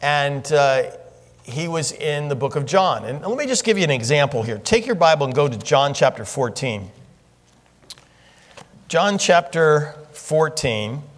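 A man preaching a sermon in a conversational teaching manner, asking the congregation questions and rising in pitch when he gets excited. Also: measured pace. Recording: long reverb of a large hall.

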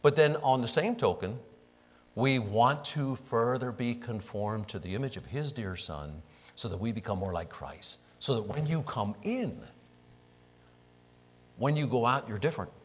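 A man's voice: mid-range voice, expressive, measured pace, rough recording. A man teaching a Bible class as pastor, asking the class rhetorical questions and answering them himself.

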